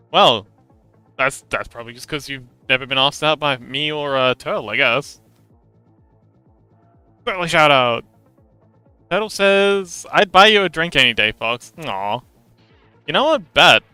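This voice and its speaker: Bright, crisp-voiced man chatting on a livestream. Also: a little high, dry recording. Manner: chatty and playful, laughs often between remarks. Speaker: livestream host. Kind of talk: casual livestream chat, reading viewer messages aloud.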